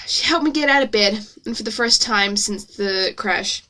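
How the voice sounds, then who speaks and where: A woman's voice: fairly high pitch, a little slow, pushed and bright. A woman reading her own novel aloud as a streamer, with playful, self-mocking asides.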